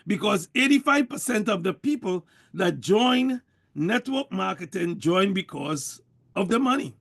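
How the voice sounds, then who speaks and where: A man delivers a motivational sales pep talk in a high, gravelly voice. He is preachy and emphatic and hammers the same points again and again. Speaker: network marketing speaker.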